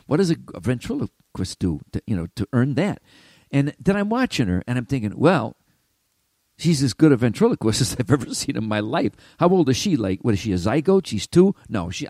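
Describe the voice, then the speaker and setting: An older man talks on his own show in a loose, rambling monologue, often stopping and restarting. His voice swoops up and down with lively energy. The sound is dry and close. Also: mid-range voice, dry recording. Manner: animated, self-interrupting storyteller. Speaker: podcast host.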